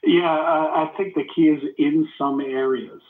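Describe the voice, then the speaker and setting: A man's voice: a little high, fairly even intonation, a little slow. A man in a heated casual debate in a live chat room, mocking and sarcastic toward the others. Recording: phone-like audio in an echoey room.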